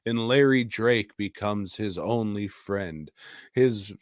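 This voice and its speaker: A middle-aged man hosts a podcast, rambling in an unhurried, low voice while tipsy from a night of drinking. He swears freely and laughs at his own remarks. The recording is dry and close, with no room sound. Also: no room sound. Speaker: podcast host reviewing an episode. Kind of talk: casual rambling review.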